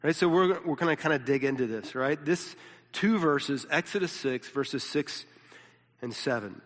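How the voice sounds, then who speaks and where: A man's voice: fairly high pitch, lively intonation, moderate pace, fairly bright tone. A pastor teaching a sermon in a casual, conversational way, often repeating words and checking in with his listeners. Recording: long reverb of a large hall.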